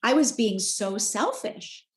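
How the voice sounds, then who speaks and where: Expressive woman in an echoey room. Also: fairly high pitch, slow. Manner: expressive, candid, emotional storyteller. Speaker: podcast guest. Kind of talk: personal storytelling in conversation. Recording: roomy echo.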